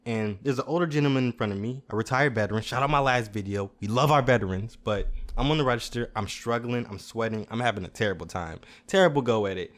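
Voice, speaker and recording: A young adult man hosting a show, telling comedic stories in a casual, animated way, swearing freely. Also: mid-range voice, quick pace, hardly any pauses. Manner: animated, swearing, laughing at his own stories. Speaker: podcast host.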